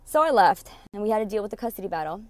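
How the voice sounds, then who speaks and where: This is a woman recounting her own life straight to the listener, blunt and swearing freely as she acts out other people's lines. Her voice sits at an ordinary middle pitch. It is recorded dry and close, with no room echo. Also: big pitch swings, racing. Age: adult mother. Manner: blunt, profane and emotional, quoting others in dialogue. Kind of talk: candid storytime monologue.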